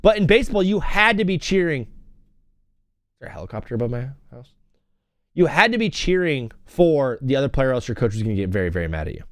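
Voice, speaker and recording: A man's voice: medium pitch, sing-song, fast, dry recording, clean studio sound. A young man hosting a live stream from home, rambling through stories and chanting old cheers. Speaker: host. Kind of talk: casual live-stream chat.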